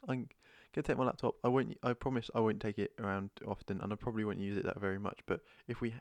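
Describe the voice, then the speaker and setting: A man co-hosting a casual podcast, bantering and teasing in relaxed chat. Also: fairly low pitch, fast, vocal fry, no room sound. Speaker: podcast co-host. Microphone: headphones and podcast mic.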